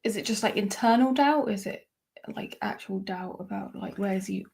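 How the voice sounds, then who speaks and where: A woman's voice: mid-range voice, moderate pace, gravelly, darkish tone, husky. A woman co-hosting a casual live-stream chat, talking in a chatty, tentative way with frequent laughs. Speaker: co-host.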